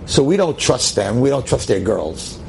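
A man teaching a lively class to a seated audience as a rabbi, emphatic and exclamatory. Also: moderate pace, gravelly, slight background noise, poor audio. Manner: emphatic, exclamatory, with sudden swings in pitch.

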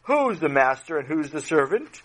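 A man's voice: on the high side, big pitch swings, moderate pace, a little hiss or hum. A man voicing a cruel, commanding Egyptian master who threatens his servant in a children's audio story. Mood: bossy. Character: bossy cruel Egyptian master, male adult.

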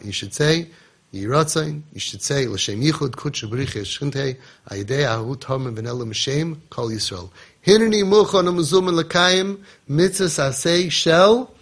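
A man's voice: on the high side, fairly bright tone, slightly rough. A man giving an earnest religious lesson to parents, telling stories and using Hebrew terms as he coaches them.

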